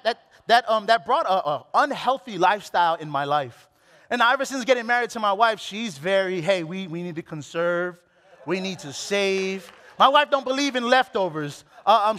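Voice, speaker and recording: A man's voice: very high voice, a bit bright, long reverb tail. A man preaching a sermon, candid and self-deprecating, often repeating phrases for emphasis. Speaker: pastor.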